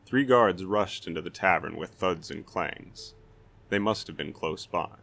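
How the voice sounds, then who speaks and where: A man reading a fantasy novel aloud as a storyteller, in steady dramatic narration. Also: low-pitched, unhurried, creaky.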